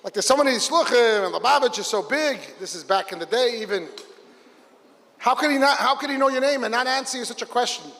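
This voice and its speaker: A man, a rabbi, telling a story at a Hasidic gathering, lively and acting out the people in it. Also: extremely high pitch, fairly quick. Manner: animated, voices characters in the story. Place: large hall with a gathered audience. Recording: long hall reverb.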